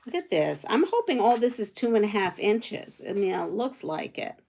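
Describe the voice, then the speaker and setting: A woman's voice: mid-range voice, sing-song, normal speed, creaky, a little mellow. A woman hosting a quilting livestream from home, chatting casually with viewers and thinking aloud as she sews. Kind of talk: casual live chat while sewing.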